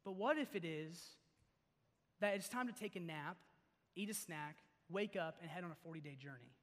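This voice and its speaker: A young man preaching to a youth audience, animated and joking, swinging between loud and hushed. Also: sits high, normal speed. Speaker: youth pastor. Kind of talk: sermon. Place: large hall before an audience. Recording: long hall reverb.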